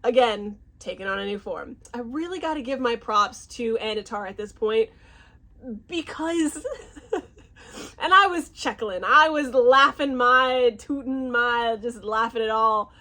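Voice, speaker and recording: A woman giving a casual, animated reaction review, often restarting and stumbling over names. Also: a little high, moderate pace, few pauses. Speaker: fantasy series reviewer.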